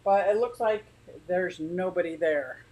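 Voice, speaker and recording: A woman's voice: on the low side, measured pace, darkish tone, poor audio. A woman hosting a casual livestream from her living room, rambling chattily and greeting viewers by name. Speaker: aquarium channel host.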